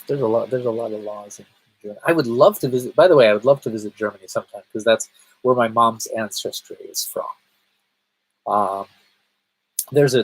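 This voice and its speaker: A man's voice: mid-range voice, husky, rough recording. A man chatting casually on a live stream, rambling and stammering, answering viewers' comments. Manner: rambling, stammers and restarts often; chats with viewers, reading their comments. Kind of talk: casual livestream chat.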